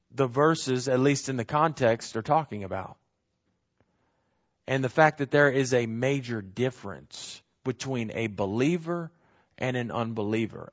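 Male preacher, mid pitch, emphatic and repetitive, dull lo-fi recording. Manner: repetitive emphatic preaching with frequent tag questions. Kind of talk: sermon.

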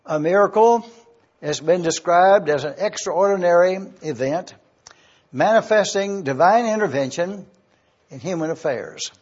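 A man preaching a sermon, slow and deliberate as he teaches from Scripture and spells out words. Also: sits high, expressive, slightly rough, lo-fi sound. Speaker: pastor.

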